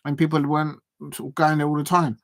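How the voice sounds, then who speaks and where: A man hosting a live football watch-along, chatting with viewers and getting excitable, even shouting, at big moments in the match. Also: on the high side, fast talker, dry recording. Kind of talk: live match reaction and chat.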